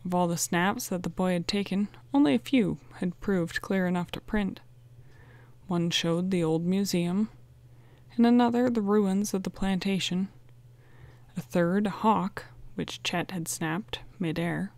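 A woman narrating a storybook in a clear, even way. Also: fairly low pitch, measured pace, no room sound. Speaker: audiobook narrator.

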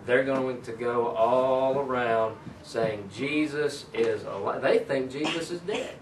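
This man speaks slowly at a medium pitch as he leads a Bible study, first reading scripture aloud and then explaining it as if chatting. It was recorded in an echoey room with the mic set at a distance, and faint ambient noise is audible.

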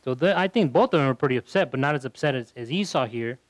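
Conversational pastor teaching scripture. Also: male voice, mid-range voice, expressive, quick pace, no room sound, poor audio. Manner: conversational, repeats words while thinking. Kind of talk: verse-by-verse Bible teaching.

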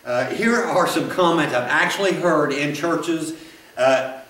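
A man's voice: fairly high pitch, a little slow, fairly bright tone. A man preaching a sermon in a church, folksy and rambling, with frequent restarts and asides. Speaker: pastor. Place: church sanctuary. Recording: roomy, from a distance.

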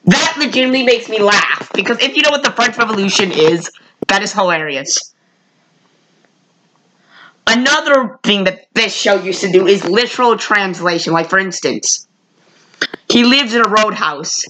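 A woman vlogger reviewing old cartoons in a casual, rambling way, correcting herself often and jumping up in pitch when she exclaims. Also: animated, normal speed, sharp tone, slight background noise, poor audio. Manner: rambling, with frequent self-corrections.

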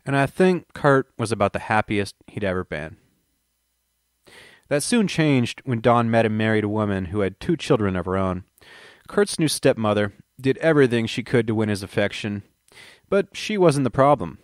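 A man's voice: lowish voice, expressive, normal speed, dry recording, clean studio sound. A man who hosts his own channel, reading an audiobook aloud and then rambling through joking banter with himself. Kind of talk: audiobook reading with casual chat.

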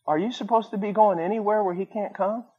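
A man preaching a sermon, telling stories with acted-out voices and swinging between loud bursts and quiet asides. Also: high voice, fairly even intonation, quick pace, husky. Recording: dull lo-fi sermon recording.

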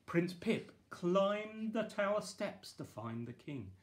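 A man, the author, reading his children's picture book aloud in a playful, lively way with bursts of excited exclamations. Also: sits high, slow pace. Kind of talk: children's storybook read-aloud.

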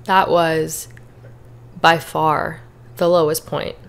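A woman's voice: low voice, level tone, slow pace, creaky, clear, resonant tone. A young woman hosting a podcast, candidly telling her personal faith testimony, emotional and on the verge of tears. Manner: candid, earnest, emotional at times. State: tearful. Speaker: podcast host.

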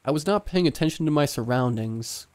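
A man narrating a scripted horror story in a hushed, suspenseful way. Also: fairly high pitch, expressive, brisk.

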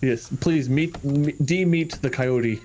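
A man's voice: mid-range voice, takes it slowly, a little mellow, slight background noise. A man playing a co-op survival game, chatting casually with goofy, playful bits. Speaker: co-op gaming streamer. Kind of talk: casual gameplay chat.

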